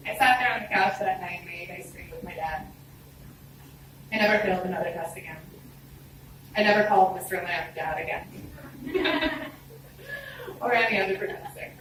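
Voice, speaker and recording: A woman telling a personal story on a live storytelling stage, expressive, conversational and self-deprecating. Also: fairly low pitch, normal speed, long pauses. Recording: roomy hall, distant mic, background noise.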